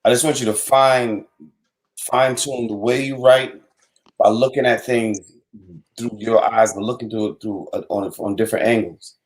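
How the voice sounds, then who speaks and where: Male host and writing coach, mid-pitched, relaxed, emphatic. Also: moderate pace, low-quality recording. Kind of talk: casual chat.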